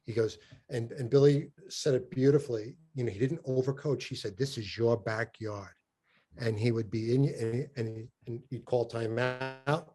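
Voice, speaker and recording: A man's voice: medium pitch, fairly even intonation, mellow. A man, a former college basketball player, telling stories on a podcast video call, stumbling and repeating words as he talks. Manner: halting, repeats words, mimics his old coach. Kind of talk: casual storytelling on a video call.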